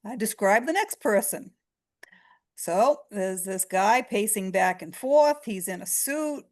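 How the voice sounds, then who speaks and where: A middle-aged woman speaks as a guest, telling a long story in a chatty, conversational way. Her voice is a little hoarse, as if she is losing it, with a mid-range pitch. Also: lively intonation, takes it slowly. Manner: chatty, retells exchanges with quoted voices. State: losing her voice, clearing throat. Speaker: psychic medium guest. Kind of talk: storytelling in an interview.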